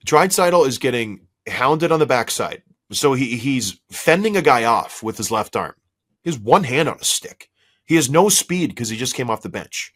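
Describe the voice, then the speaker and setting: Hoarse, worked-up man breaking down hockey. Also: medium pitch. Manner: worked up, exasperated, rhetorical questions. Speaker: hockey podcast co-host. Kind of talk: heated sports analysis chat.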